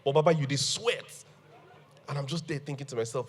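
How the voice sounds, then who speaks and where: A man telling an animated story on a panel, laughing and acting out what people said. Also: medium pitch, brisk, big-room sound, a little hiss or hum. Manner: animated, laughing storyteller who acts out quotes. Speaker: guest.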